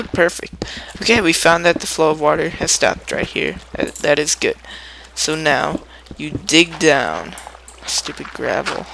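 A man's voice: a little high, animated, unhurried, vocal fry, few pauses, noisy background. A young man giving a casual, rambling gameplay tutorial, playful and chatty, humming little sound effects as he builds.

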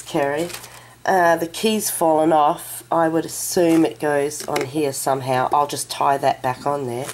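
Slow-talking gushing woman vlogger. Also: low voice, slight background noise. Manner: gushing and excitable, breaks into delighted exclamations. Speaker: craft vlogger. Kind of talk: casual unboxing chat to camera. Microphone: camera mic a short way off.

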